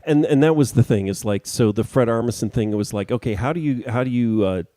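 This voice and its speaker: A middle-aged man co-hosting a casual chat, explaining things in a relaxed way with examples. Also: medium pitch, fast talker, no echo, studio quality. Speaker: co-host.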